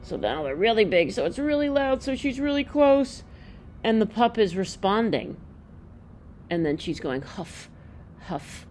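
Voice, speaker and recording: A woman gently walking children through a picture book, explaining each page and thinking aloud as she goes. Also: a little high, sing-song, moderate pace, faint music behind.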